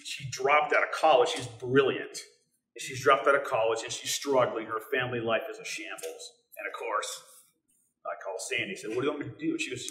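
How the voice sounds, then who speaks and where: Middle-aged guy telling stories at church, bright voice, kinda far off the mic in a roomy hall. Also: medium pitch. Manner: conversational, halting, with many restarts and fillers. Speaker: teacher sharing a testimony. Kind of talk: personal storytelling at church. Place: church sanctuary.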